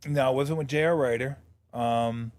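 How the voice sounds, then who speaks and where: A man's voice: mid-range voice, steady tone, moderate pace, a little mellow. A man hosting a sports talk show, chatting loosely and swearing freely as he jokes with his guest. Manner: loose, profane, joking. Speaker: radio show host, former player.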